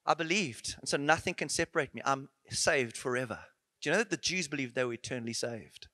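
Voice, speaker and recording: A man preaching a conference sermon in a church, animated and playful, full of rhetorical questions and asides. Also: mid-range voice, fast talker, dry recording.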